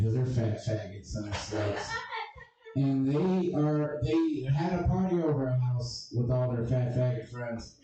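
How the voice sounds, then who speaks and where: A man's voice: medium pitch, lo-fi sound. A man doing a stand-up comedy set with crude, abrasive and self-deprecating jokes. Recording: echoey room, distant mic, crowd audible.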